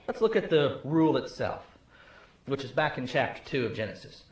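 A male pastor preaching a sermon, telling the story with swings from loud to hushed. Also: medium pitch, lively intonation, moderate pace, reverberant.

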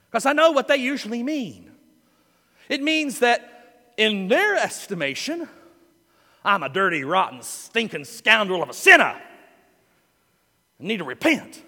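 Bright-voiced male pastor with a twang. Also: high voice. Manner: storytelling, folksy and animated, with quoted voices. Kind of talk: sermon. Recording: long hall reverb.

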